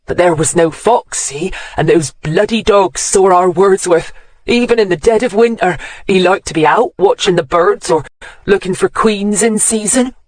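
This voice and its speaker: Narrator doing a gruff old country man. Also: medium pitch, moderate pace, dry recording, pitched above the performer's own voice, close to an everyday voice. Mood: gruff, aggrieved. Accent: English West Country rural. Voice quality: rural dialect, sneering then cracking. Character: grumpy old countryman grieving his cat.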